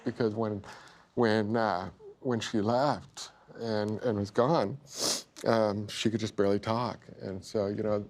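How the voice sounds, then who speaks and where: A man as a guest on a TV talk show, choked up, halting and stammering as he speaks. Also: fairly low pitch, steady tone, a little mellow. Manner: halting, stammering, repeats words. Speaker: guest father.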